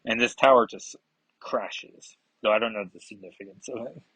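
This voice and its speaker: A man's voice: on the low side, moderate pace, a bit bright, breathy edge, no room sound, poor audio. A man casually reviewing a comic book, rambling with frequent fillers and self-corrections.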